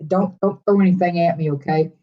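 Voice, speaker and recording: A woman's voice: fairly low pitch, steady tone, a little fast, highs cut off. A middle-aged woman with a Texas accent chatting casually with live viewers, rambling from one thought to the next. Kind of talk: casual live-stream chat.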